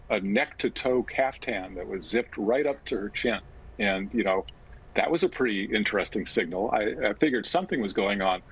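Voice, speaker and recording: Low gravelly man, halting and reflective. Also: muffled recording. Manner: halting and reflective, with frequent pauses. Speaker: guest author. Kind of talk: personal interview account.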